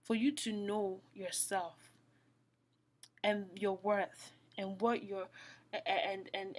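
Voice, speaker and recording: A Christian speaker, an earnest woman with a middling pitch, gives a heartfelt, informal devotional talk to the listener. She repeats phrases for emphasis and often drops into a soft, close whisper before rising again with conviction.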